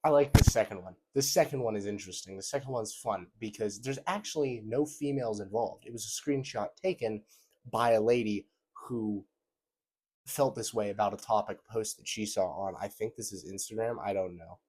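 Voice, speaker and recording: A man's voice: on the low side, moderate pace, husky. Sarcastic young man reacting to messages. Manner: sarcastic, animated, mocks quoted messages in exaggerated voices. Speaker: commentary video host. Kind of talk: casual reaction commentary.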